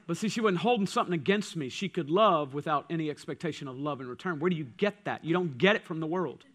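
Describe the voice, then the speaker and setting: A man preaching a sermon as pastor, swinging from loud passages to hushed ones. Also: fairly high pitch, fast talker. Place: church.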